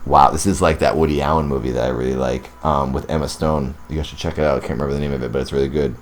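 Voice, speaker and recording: A man's voice: extremely low pitch, fairly even intonation, rapid-fire, slight background noise. A man reading a ghost story aloud. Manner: reads first-person accounts, breaks off to react emotionally. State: teary and sniffling. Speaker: host reading ghost stories. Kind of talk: story reading with excited asides.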